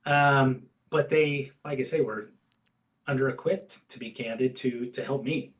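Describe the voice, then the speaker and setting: A man telling his career story as an interview guest, candid and animated, acting out bits of dialogue. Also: medium pitch, a little slow, recorded from a distance, low-quality recording. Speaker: guest, insurance agency owner and coach.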